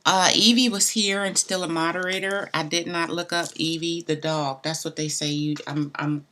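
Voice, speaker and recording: A woman's voice: sits low, steady tone, normal speed, sharp tone, a little hiss or hum. A woman hosting a live tarot reading stream, chatting loosely and bluntly with viewers. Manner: chatty, talks straight to viewers; loose and blunt, mild cussing. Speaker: tarot reader.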